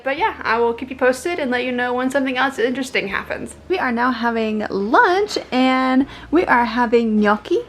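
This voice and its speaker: A young woman talks casually to her camera as a travel vlogger, her voice sitting a little high. She rambles from one thought to the next and breaks into laughter often. The sound comes from a handheld camera in an indoor room. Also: sharp tone. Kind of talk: casual vlog chat to camera. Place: indoors at a lodging.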